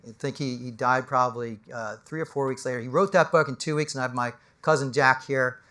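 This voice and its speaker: A middle-aged man, an executive coach giving an animated motivational talk on stage, swinging from loud to hushed as he tells stories. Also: mid-range voice, fairly quick.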